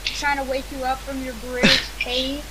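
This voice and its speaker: A woman's voice: high-pitched, little pitch movement, normal speed, pushed and bright, a little hiss or hum, poor audio. A woman chatting playfully as a fellow player on a game stream. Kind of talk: casual gaming chat.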